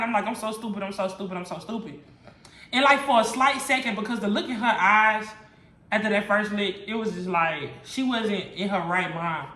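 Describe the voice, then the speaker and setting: A woman's voice: fairly high pitch, a bit bright, reverberant. A woman vlogger telling a personal story to camera in an emphatic, profane, slangy way. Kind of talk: storytime monologue.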